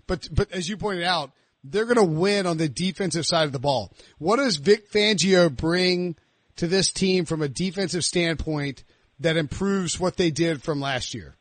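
A man with a high voice hosts a casual sports podcast. He asks his questions in an eager, rambling way. His voice sounds dry and close to the mic. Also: moderate pace, dry recording. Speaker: podcast host.

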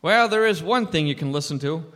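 An actor in a live radio sketch playing a weary, scolding boss of air traffic controllers. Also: male voice, fairly high pitch, lively intonation, a little fast, a bit bright, in a large hall. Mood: exasperated. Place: theater stage.

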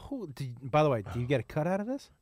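A man hosting a casual chat, teasing his guest with quick questions and loud laughter. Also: a little high, sing-song, no echo.

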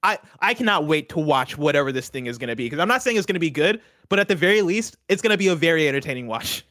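A man's voice: on the high side, expressive, fast talker, fairly bright tone, no room sound, studio quality. A man co-hosting a casual chat show, earnestly laying out a theory with many restarts. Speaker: show co-host.

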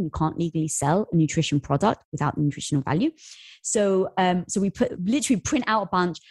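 A breathy woman in her thirties, recorded close and dry, recounting an early business setback. She talks in animated runs, speeding up and leaping high when the story gets exciting. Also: no echo. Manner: animated, rushes through exciting parts. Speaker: company co-founder, guest. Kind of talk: storytelling interview answer.

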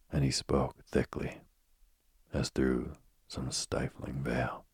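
Man whisper-reading a spooky sleep story, super deep, flat monotone, husky, dry close sound. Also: dry recording. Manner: slow, soft and even reading.

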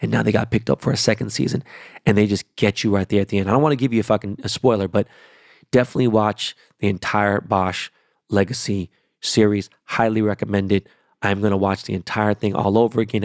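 Man, lower register, rambling profane monologue, emphatic, dry close sound. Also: steady tone, brisk, gravelly, no room sound.

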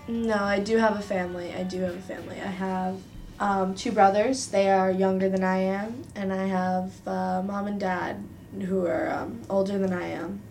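A woman's voice: medium pitch, steady tone, normal speed, a little mellow, soft background music. A young woman co-hosting an improvised comedy podcast, dry and playing along. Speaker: podcast co-host.

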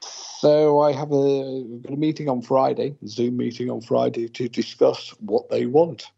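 A man's voice: mid-range voice, little pitch movement, measured pace, creaky, dark tone, breathy edge, dull audio. A man co-hosting a casual paranormal podcast who explains things at length and thinks aloud over a remote call. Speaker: co-host, paranormal investigator.

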